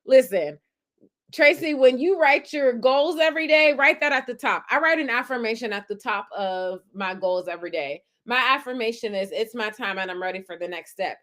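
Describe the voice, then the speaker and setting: A woman's voice: a little high, moderate pace. A young adult woman, hosting a casual live-stream chat and cheering on commenters as she reads them. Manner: animated, affirming, hypes up commenters. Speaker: podcast host reading live chat.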